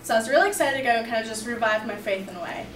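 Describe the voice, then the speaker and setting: A woman's voice: on the high side, very fast. A young woman telling a personal story to a class in an upbeat, chatty way, with lots of "like" and "you know.". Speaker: student storyteller. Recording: echoey room, far from the mic, faint background noise.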